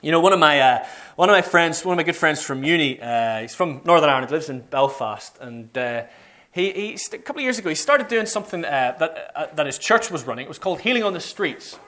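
A man preaches a story-driven sermon, and his fairly high voice swings widely in pitch. He talks with animation and acts out the voices of the people he describes. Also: expressive, fast, bright, forceful tone.

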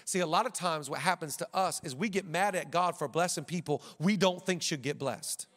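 High-voiced man preaching in a big echoing hall. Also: fairly quick. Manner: animated, acts out quotes in character voices. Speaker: pastor. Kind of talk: sermon. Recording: long hall reverb.

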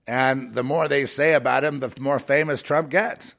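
A man rambling through a monologue, halting and repeating words, dropping to mutters and then rising into heated outbursts. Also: mid-range voice, steady tone, creaky, fairly bright tone.

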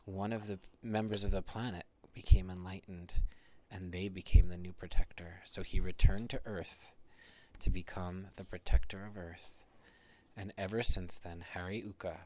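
Soft-spoken man telling a bedtime story. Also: sits low, fairly even intonation, a little hiss or hum. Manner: soft, half-whispered, pausing.

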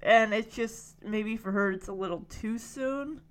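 A woman's voice: a little high, a little slow. A woman recapping a TV episode in a chatty, gushing way. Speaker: show recap vlogger. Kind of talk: casual recap.

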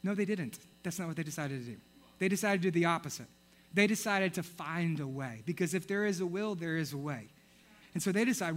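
A young man preaching a sermon, telling a story in an animated way and acting out the characters. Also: high-pitched, fast talker. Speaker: pastor.

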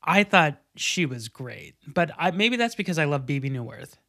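Relaxed, rambling podcast host. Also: medium pitch, normal speed. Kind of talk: casual podcast chat.

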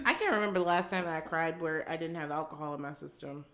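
A woman co-hosting a casual podcast chat, animated and acting out her own reactions with laughs. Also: low voice, fast talker. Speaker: podcast co-host. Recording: echoey room.

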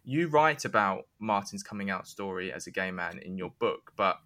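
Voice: deep voice, expressive, moderate pace, fairly bright tone. A podcast host who interviews a guest and reacts with short exclamations.

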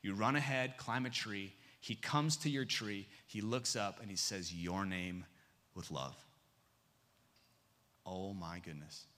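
Bright-voiced, lively male pastor. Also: fairly low pitch, normal speed, hardly any pauses. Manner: lively and humorous, swinging between loud and hushed. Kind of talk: sermon.

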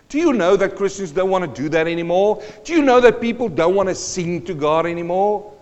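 A fairly high-pitched man delivers a sermon as a pastor, dropping to hushed tones and then rising to loud emphasis. His voice carries a long reverb through the church hall. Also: moderate pace.

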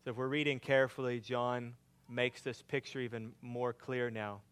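A man preaching a sermon, swinging between loud emphatic lines and quiet hushed ones. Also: medium pitch, little pitch movement, moderate pace, clear, resonant tone. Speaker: pastor.

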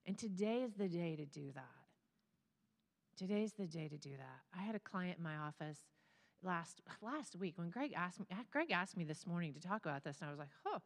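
A woman's voice: lowish voice, animated, moderate pace. A woman therapist speaking to a church congregation in an earnest, teary, conversational way. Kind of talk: sermon talk. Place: large church sanctuary. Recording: long hall reverb.

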